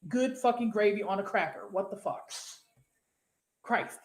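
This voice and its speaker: A woman's voice: mid-range voice, unhurried, reverberant. A woman co-hosting a casual podcast, talking bluntly, swearing freely and breaking into exclamations. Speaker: podcast co-host.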